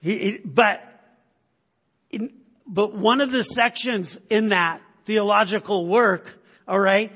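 Male preacher, fairly high voice, husky, emphatic conversational sermon, long hall reverb. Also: takes it slowly, pauses often, fairly bright tone. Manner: conversational, emphatic, with frequent "right?" checks.

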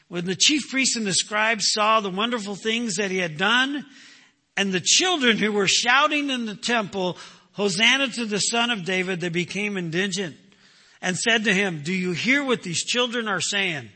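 A man's voice: high voice, lively intonation, normal speed, sharp tone, slightly rough, in a large hall. A man preaching a sermon, emphatic, asking rhetorical questions and answering them himself. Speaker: pastor.

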